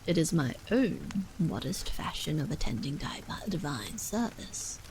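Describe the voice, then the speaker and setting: A woman voicing a calm, faintly hostile stranger in a whispered role-play, with a measured drawl. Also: deep voice, pitched below the performer's own voice, heavily acted, rough recording. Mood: aloof. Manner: cool, measured drawl, picking words. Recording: faint rain noise behind.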